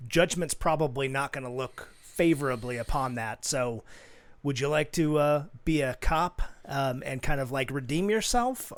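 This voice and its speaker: A man's voice: mid-range voice, normal speed. A man co-hosting a movie commentary podcast, talking in casual chat with lots of fillers. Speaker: podcast co-host.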